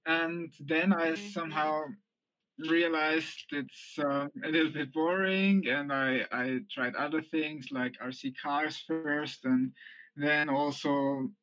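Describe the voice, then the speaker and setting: Austrian man, slightly high, dry lo-fi sound. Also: steady tone, a bit bright, no room sound. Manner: measured, hesitant with many ums. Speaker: guest, aerobatics model pilot. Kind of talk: casual podcast interview.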